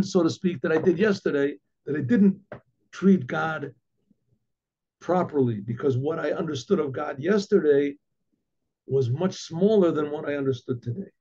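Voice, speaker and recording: High-voiced man telling a story. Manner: animated, acts out the dialogue with many restarts and asides. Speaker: rabbi and storyteller. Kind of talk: storytelling talk. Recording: dull lo-fi recording.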